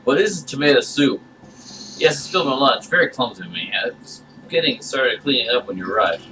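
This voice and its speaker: A man reading aloud and voicing a creepy, hunched male butcher who runs an inn, speaking with a lisp and drawn-out, falsely innocent emphasis. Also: mid-range voice, expressive, pushed and bright, distant mic, a little hiss or hum, poor audio.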